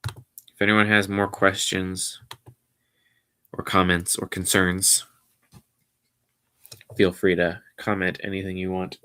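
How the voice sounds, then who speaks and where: A man hosting his own podcast stream, rambling along casually in a low-key, somewhat mumbly way. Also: completely flat delivery, slow pace, long pauses, pushed and bright, smooth. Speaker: podcast host. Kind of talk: casual solo livestream chat.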